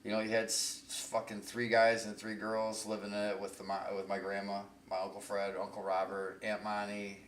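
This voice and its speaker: A man's voice: fairly low pitch, completely flat delivery, moderate pace, few pauses, echoey room, distant mic, slight background noise. A man casually telling rambling, profane road-trip stories on a podcast, often laughing. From Michigan. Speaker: podcast host. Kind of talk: casual storytelling chat.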